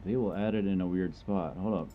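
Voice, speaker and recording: A man's voice: sits low, fairly quick, phone-quality sound, a little hiss or hum. A man giving casual, joking commentary while streaming a game, chatty and rambling as he plays.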